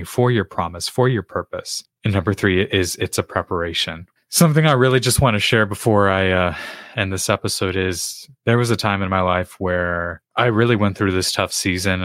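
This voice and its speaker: A man's voice: low-pitched, fairly bright tone, dry recording, studio quality. A man hosting a faith podcast, earnestly retelling a Bible story and encouraging listeners. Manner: earnest, retelling scripture with restarts. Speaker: podcast host.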